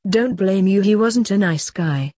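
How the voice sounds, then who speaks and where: A woman voicing a sardonic young male reaper prince who talks in a mocking, offhand way, with a husky voice. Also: mid-range voice, animated, measured pace, dark tone, no room sound, clean studio sound.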